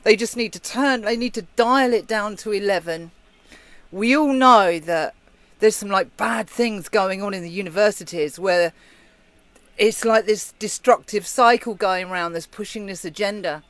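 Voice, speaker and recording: A British man with a high-pitched, fairly bright voice co-hosts a live chat show at normal speed. He chats casually and reads out viewer comments, and the audio has no echo.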